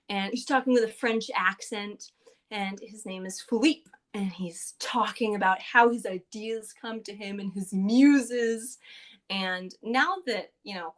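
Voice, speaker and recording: A woman podcast co-host casually recapping a tabletop game session, chatty and loose with lots of fillers. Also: mid-range voice.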